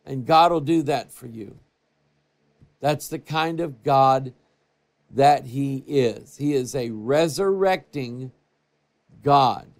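A man pastor preaching a sermon for a TV broadcast, telling stories and moving between hushed and raised passages. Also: mid-range voice, slow pace, vocal fry, long pauses. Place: church TV broadcast.

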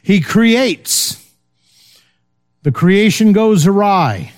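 A man teaching an unscripted Bible lesson, measured and explanatory, pausing on "uh" and checking in with "okay". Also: on the high side, a little mellow.

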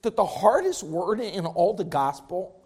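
Man, high voice, pastor preaching, emphatic rising and falling cadence. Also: sing-song, unhurried, darkish tone, breathy edge. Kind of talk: sermon.

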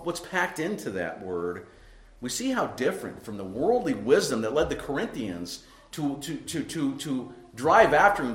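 A man preaching an expository sermon as pastor. He talks emphatically, repeats key words and keeps asking "right?" as he explains a passage. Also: medium pitch. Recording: echoey room.

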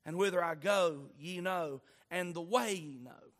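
A man preaching who voices Jesus as a calm, gentle teacher, speaking low and softly. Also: unhurried. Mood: tender.

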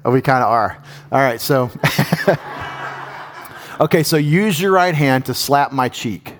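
A man preaching a sermon in a conversational, animated way, often asking his audience questions. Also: mid-range voice, slow pace, slight background noise. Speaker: pastor.

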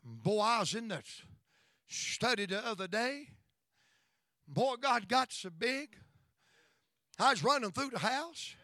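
High-voiced revival preacher man. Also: sing-song, takes it slowly, pauses often, bright, forceful tone, dry recording, clean studio sound. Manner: call-and-response preaching, chanting repetition. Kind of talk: revival sermon. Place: church.

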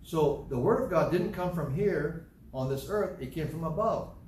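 A man preaching in a church or hall, voice somewhat high for a man. He teaches emphatically, repeats his phrases and answers his own questions. The sound is roomy and echoey, picked up from a distance. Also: lively intonation, moderate pace, darkish tone, slight background noise. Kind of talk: sermon, Bible teaching.

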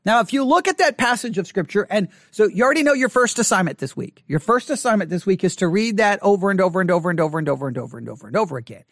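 Male Bible teacher, high voice, dry close sound, earnest and repetitive, online lesson. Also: expressive, fairly bright tone, dry recording. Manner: repetitive, earnest, restarts and emphatic slow repeats.

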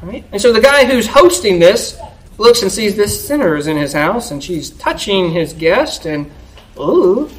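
A man preaching a conversational sermon, telling Bible stories with animated delivery and frequent "right?" checks to the congregation. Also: high voice, unhurried, low-quality recording.

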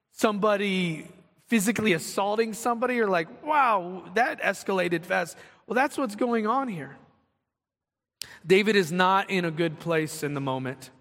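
Bright-voiced male pastor preaching in a hall. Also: high-pitched. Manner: animated preaching, reads scripture aloud, acts out quotes. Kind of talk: sermon.

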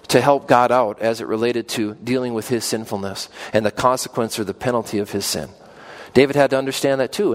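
A man preaching a sermon in an earnest way, climbing to emphatic peaks and then dropping soft and low. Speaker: pastor.

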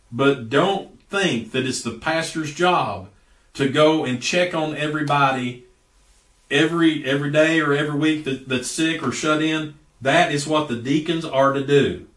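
A middle-aged man preaching a sermon as pastor, folksy and emphatic, with sudden bursts of loud speech. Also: fairly high pitch, moderate pace. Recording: echoey room, voice heard from a distance.

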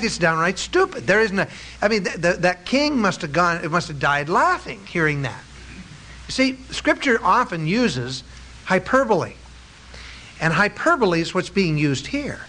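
A man preaching a sermon, emphatic, with drawn-out stresses and rhetorical questions to his listeners. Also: high-pitched, bright, forceful tone, low-quality recording.

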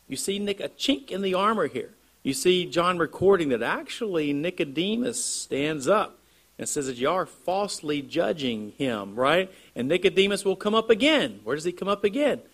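Earnest man preaching a sermon. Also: sits high. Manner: earnest expository preaching with rhetorical questions. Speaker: pastor.

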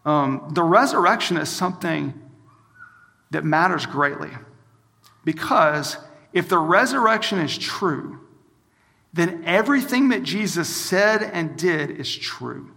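A man's voice: on the high side, expressive, slow, gravelly, bright, forceful tone, long reverb tail. A man, a campus minister, preaching a sermon and telling a story, acting out the lines of each person in it. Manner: storytelling, acts out quoted dialogue.

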